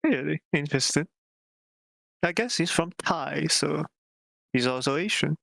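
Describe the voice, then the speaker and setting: A man's voice: a little high, animated, a little slow, vocal fry, a bit bright, no room sound, clean studio sound. A man racing with friends, chatting in a blunt, wry, casual way. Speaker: fellow sim racer. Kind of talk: casual chat while sim racing.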